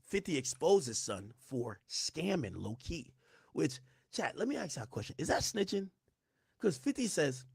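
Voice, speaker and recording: A man hosting a livestream, talking casually to chat in slangy speech, hoarse and losing his voice. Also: a little high, big pitch swings, moderate pace, a little mellow, no room sound, studio quality. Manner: slangy, loose, switches to whispering. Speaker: livestream host.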